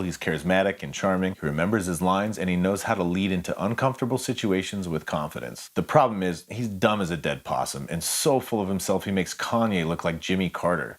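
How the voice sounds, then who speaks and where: Deep-voiced man, candid and profane. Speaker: singer-songwriter. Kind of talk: reflective vlog narration.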